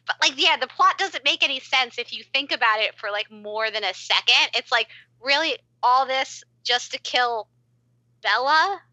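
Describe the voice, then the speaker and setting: Bright, sarcastic woman, dry close sound. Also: high-pitched, animated, normal speed, no room sound. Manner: sarcastic, giggly. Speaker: podcast co-host. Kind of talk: casual movie review chat.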